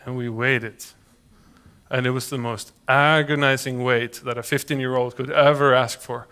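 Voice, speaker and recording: A man's voice: medium pitch, normal speed, clean tone. A man from Iceland, giving a personal storytelling talk to an audience and acting out the voices of people he quotes. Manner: animated, acts out quoted voices. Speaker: public speaker.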